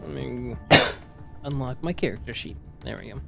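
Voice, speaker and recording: A man's voice: mid-range voice, lively intonation, moderate pace, creaky, long pauses, music in the background. A man playing a tabletop game, offhand and chuckling while checking his character sheet. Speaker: player. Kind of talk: casual game chat.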